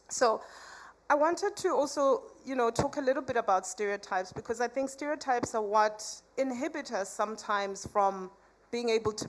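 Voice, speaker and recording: A woman from Africa, giving a chatty conference talk full of "you know" asides and banter with the audience. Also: medium pitch. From South Africa. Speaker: conference speaker.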